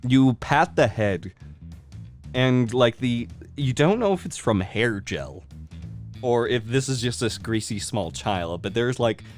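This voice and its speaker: A man narrating a tabletop game as its game master, his voice swinging up and down with lively energy. He describes scenes animatedly and laughs easily at the players' choices. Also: mid-range voice, slow, soft background music.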